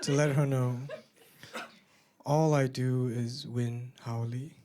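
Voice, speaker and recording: A man performing a stand-up comedy set, animated and bursting into shouted punchlines. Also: mid-range voice, takes it slowly, very noisy. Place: comedy venue with a live audience.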